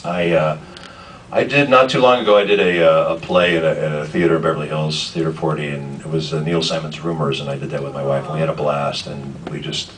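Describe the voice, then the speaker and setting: A man's voice: rumbling low, fairly even intonation, fast. A man, a voice actor on a convention panel, telling stories to fans in a rambling way with fillers and restarts. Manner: rambling, many fillers and restarts, laughing asides. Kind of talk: anecdotal storytelling to fans. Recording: distant, noisy convention room.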